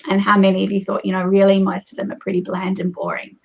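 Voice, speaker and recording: A woman, a guest coach speaking in animated conversation, shifting her pace and loudness as she explains. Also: mid-range voice, quick pace, creaky, slightly rough. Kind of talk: conversational advice. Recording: dull, muffled lo-fi audio.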